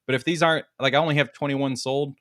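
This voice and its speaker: Male host, mid pitch, dry close sound, relaxed and rambling. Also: fast talker, dry recording. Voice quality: relaxed, rambling, many fillers. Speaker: host and toy product seller. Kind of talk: casual podcast chat.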